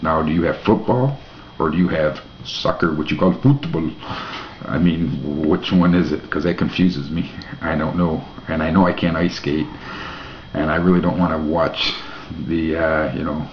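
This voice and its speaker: Very deep-voiced man rambling on a vlog. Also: steady tone, moderate pace. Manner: rambling, mock-naive questions, dry jokes. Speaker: vlog host. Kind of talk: casual rambling monologue to camera. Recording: echoey room, dull lo-fi mic, faint hiss.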